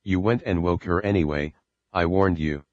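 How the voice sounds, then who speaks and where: A man reading the part of an angry, abusive father who yells and scolds his small son, in a dull lo-fi recording. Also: deep voice, moderate pace, no echo, close to an everyday voice. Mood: angry scolding. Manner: scolding, yelling insults.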